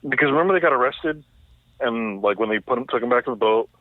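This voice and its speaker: A man co-hosting a casual film podcast, insistent and halting as he explains plot points. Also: medium pitch, expressive, no room sound. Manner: insistent, halting, restarts a lot. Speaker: podcast co-host. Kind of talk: casual chat. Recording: tinny phone-like line.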